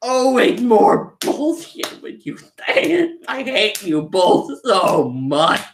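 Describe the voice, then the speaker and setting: A sneering male alien tyrant from an anime, as a man puts him on. The voice is shrill, whiny and indignant, and it rings in a roomy space. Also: very animated, slow, a little hiss or hum, heavily acted. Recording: roomy echo.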